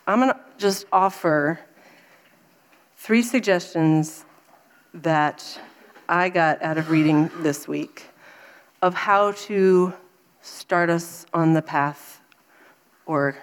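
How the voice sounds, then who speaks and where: A woman in her thirties speaking to a gathering in a lively, expressive voice. She tells a personal story in a faith talk, acting out her own exasperation with big swings in tone. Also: low-pitched.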